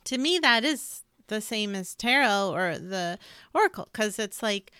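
Smooth-voiced chatty woman co-host. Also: mid-range voice, expressive, unhurried, pushed and bright, no room sound, clean studio sound. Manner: chatty, loose, full of "like" asides. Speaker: podcast co-host. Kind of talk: casual spiritual chat.

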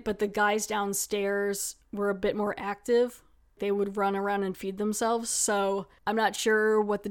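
Young woman rambling through a movie recap, medium pitch, lots of "like", kinda wry. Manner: chatty, frequent "like" fillers, wry asides. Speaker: movie reviewer. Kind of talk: casual spoiler-heavy film recap.

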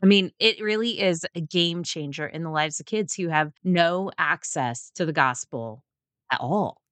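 A woman's voice: on the low side, unhurried, a bit bright, clear, resonant tone, no echo. A woman hosting a casual faith podcast in an upbeat, enthusiastic way. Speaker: podcast host. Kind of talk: casual podcast chat and closing prayer.

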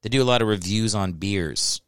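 A man's voice: fairly low pitch, normal speed, fairly bright tone, clean tone, no echo. A man in his thirties from Ohio, a comedian hosting his podcast alone and talking close to the mic in a rambling, joking, profane way. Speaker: podcast host and stand-up comedian. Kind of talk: casual solo podcast monologue. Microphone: close microphone.

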